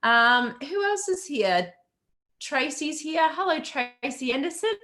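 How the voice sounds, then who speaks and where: A woman's voice: high voice, lively intonation, unhurried, sharp tone. Upbeat Australian woman coaching on a livestream. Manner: upbeat, chatty, greets viewers by name, laughs often. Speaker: business coach. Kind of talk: live Q&A stream chat. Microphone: webcam or laptop mic on a video call.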